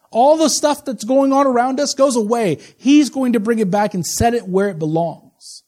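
A man in his forties, a pastor with a notably high voice, delivers a sermon. He drops low and close for confiding asides, then draws out words slowly and loudly when he proclaims. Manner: swings from low, intimate asides to loud, slow, emphatic proclamation.

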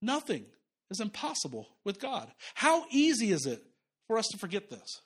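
A man in his thirties preaching a sermon, playful and animated, acting out voices with sudden swings in pitch and volume. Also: normal speed, slightly rough. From Jamaica. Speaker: pastor.

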